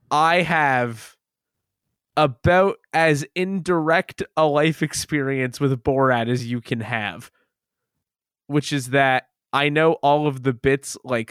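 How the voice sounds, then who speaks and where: Male podcast host, casual and self-deprecating, clear voice in a dead room. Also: mid-range voice, fairly bright tone, no room sound, clean studio sound. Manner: rambling, self-deprecating, laughs often.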